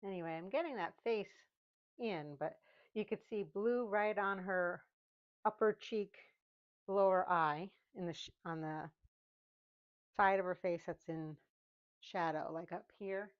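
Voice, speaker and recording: A woman's voice: mid-range voice, a little slow, pauses often, clear, resonant tone, dull audio. A woman chatting casually while she paints, laughing often and talking to herself. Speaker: painting vlogger.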